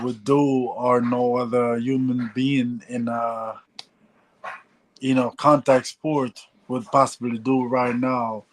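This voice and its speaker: A Jamaican man in his forties speaks slowly, in an unhurried, level tone with little melodic movement. He stops and restarts a lot and fills his talk with "you know". His pitch sits in a middle register for a man. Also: a little hiss or hum, poor audio. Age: 40s. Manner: halting, repeats "you know", restarts often. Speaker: guest, former heavyweight boxer. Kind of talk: casual interview talk.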